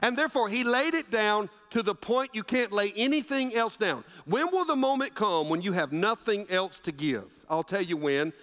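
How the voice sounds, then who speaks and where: Male pastor, high and animated delivery, hall reverb. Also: moderate pace, few pauses. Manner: preaching with rhetorical questions, swings between loud and hushed. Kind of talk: sermon. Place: church sanctuary. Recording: long reverb of a church sanctuary.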